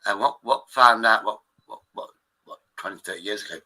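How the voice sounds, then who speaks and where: A man's voice: lowish voice, fairly quick, pushed and bright, rough recording. A man hosting a live stream, rambling in casual chat with his viewers, swearing freely and restarting his sentences often.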